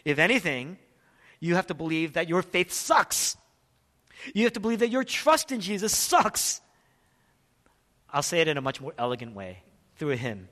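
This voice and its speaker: A male pastor preaching a sermon, emphatic, asking questions and answering them, and swinging from loud passages to hushed ones. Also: fairly high pitch, big pitch swings, moderate pace, pauses often. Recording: long reverb of a large hall.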